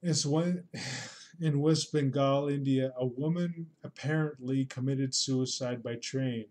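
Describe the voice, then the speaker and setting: A man's voice: medium pitch, steady tone, takes it slowly, a little mellow. A man casually commenting on a livestream, with a dry and unimpressed manner, sighing and muttering as he reacts.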